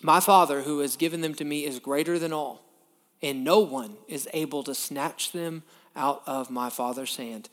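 A man preaching a sermon, emphatic, swinging from quiet to loud and checking in with "okay?". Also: fairly high pitch. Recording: long reverb of a large hall.

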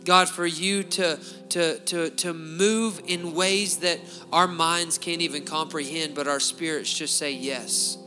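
Male pastor, mid-high bright voice, fervent repeating prayer over faint music. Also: steady tone, slow pace, hardly any pauses. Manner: fervent, pleading, repeats phrases. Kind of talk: spoken prayer at a church service.

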